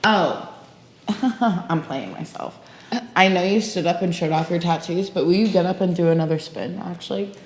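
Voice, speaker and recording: A woman hosts a loose, casual podcast, her voice sitting a little low. She talks in a bubbly, giggly way and swears freely. The room is echoey, with a faint hiss of noise behind her. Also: moderate pace. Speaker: podcast host. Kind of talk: casual chat.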